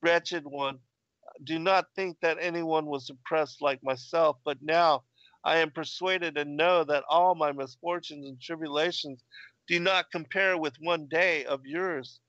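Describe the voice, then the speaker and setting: A weeping young woman held captive, read out by a man in a fairly high voice. The sound is dull and dry. The delivery stays plain and measured. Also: fairly even intonation, fairly bright tone, no room sound. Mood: sorrowful.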